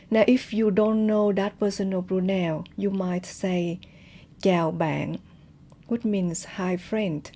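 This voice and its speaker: A woman's voice: medium pitch, warm tone. A woman from Vietnam with a Vietnamese accent, teaching a language lesson in a careful way and sounding out example words. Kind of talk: slow explanatory lesson.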